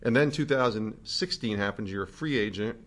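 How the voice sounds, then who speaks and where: A man's voice: fairly low pitch, a little fast. A man hosting an interview, walking through his guest's story step by step before asking a question. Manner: recaps the guest's story, then asks a question. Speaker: host, interviewer.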